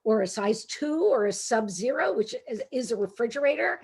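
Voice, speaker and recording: A woman with a brassy Brooklyn accent hosting a bookstore author conversation, animated and self-deprecating, laughing often. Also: fairly high pitch, moderate pace, slight background noise. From Brooklyn, New York. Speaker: host and editor.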